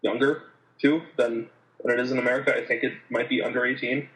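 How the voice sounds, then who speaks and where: A man's voice: mid-range voice, flat delivery, quick pace, fairly bright tone, reverberant, rough recording. A man co-hosting a casual podcast chat, speaking hesitantly with lots of fillers and restarts. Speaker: podcast co-host.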